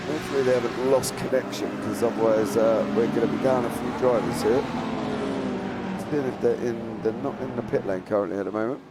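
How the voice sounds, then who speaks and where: A man's voice: medium pitch, a little fast, heavy background noise. A man commentating on a live esports race, chatty and joking with his co-host, with calls that build as the cars go by. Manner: chatty, jokey, climbs to excited shouts at race starts. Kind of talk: live sim racing commentary.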